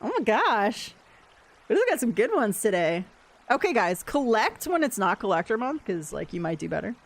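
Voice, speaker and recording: A woman's voice: medium pitch, big pitch swings, normal speed. An American woman chatting casually on a game livestream, reacting to chat and to what happens in play. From United States. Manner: chatty, reacts to chat and gameplay as she plays. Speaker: game streamer.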